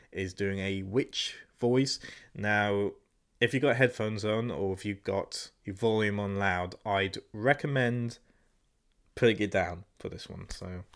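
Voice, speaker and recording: A man's voice: on the low side, gravelly. An English man hosting a gaming channel, chatting casually in a self-deprecating way about a product. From England. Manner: chatty, self-deprecating, laughing between remarks. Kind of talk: casual product review chat.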